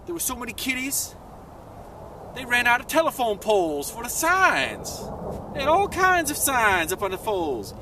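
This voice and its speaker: A man narrating a children's adventure story in an animated, playful way, swooping high for excited questions. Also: moderate pace, recorded from a distance, background noise.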